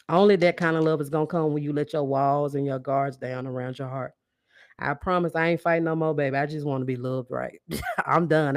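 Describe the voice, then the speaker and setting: A woman's voice: sits low, dry recording, studio quality. A woman hosting a podcast, giving a preachy, motivational monologue with call-and-response lines and frequent laughs. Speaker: podcast host.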